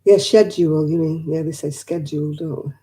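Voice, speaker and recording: A woman from northwest England hosts a craft livestream, chatting casually with her live viewers in a very mellow, low voice. She talks fast with fairly even intonation, rambling and laughing easily.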